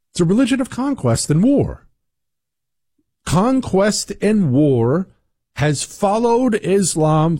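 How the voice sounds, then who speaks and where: A man's voice: sits high, a little mellow, breathy edge, no room sound, clean studio sound. A man in his forties hosting a talk show, giving sarcastic, emphatic opinion commentary. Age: 40s.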